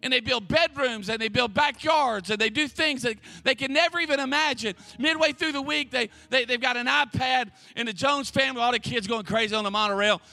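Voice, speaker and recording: A man preaching an energetic sermon at a church service. He shouts with fervor and repeats words in rapid bursts. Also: very high voice, gravelly, soft background music. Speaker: pastor.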